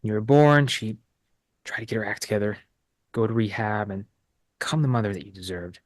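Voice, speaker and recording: Low, dry-voiced actor as a man revealing a family secret, halting and heavy. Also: no echo, close to an everyday voice. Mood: grave. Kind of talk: acting class scene.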